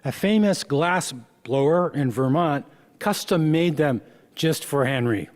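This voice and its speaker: A man's voice: a little high, animated, a little slow, big-room sound. A man reading a matter-of-fact woman assistant.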